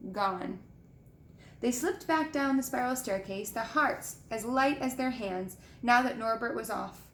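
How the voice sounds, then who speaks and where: A woman reading a children's book aloud with gentle, expressive storytelling and showing the pictures. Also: a little high, a little hiss or hum. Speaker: reader. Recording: echoey room with faint ambience.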